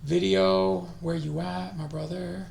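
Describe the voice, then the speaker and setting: Studying languages on a casual live stream, this male streamer talks to himself slowly and levelly, his highish voice roughened by vocal fry, often trailing into quiet mutters. His room gives off a roomy echo.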